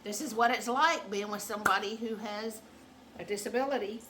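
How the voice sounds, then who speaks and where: A woman hosting her own channel, chatting casually and acting out quotes loudly as she tells a comic story, often laughing. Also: mid-range voice, brisk, slight background noise. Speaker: channel host. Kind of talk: casual chat.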